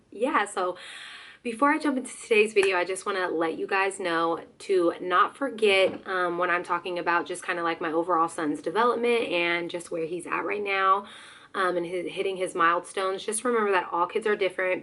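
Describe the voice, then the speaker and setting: Chatty young mom with a hoarse voice. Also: female voice, lowish voice. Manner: chatty, animated, slips into excited quoted voices. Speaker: vlogger. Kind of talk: casual chat.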